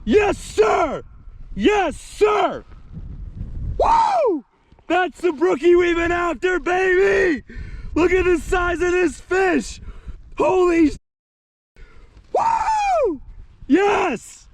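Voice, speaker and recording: A man vlogging ice fishing, muttering urgently to himself while fighting a fish, then whooping and shouting in celebration. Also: very high voice, huge pitch swings, very slow, pauses often. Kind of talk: excited outdoor vlog narration. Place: frozen lake outdoors. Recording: noisy outdoor camera audio.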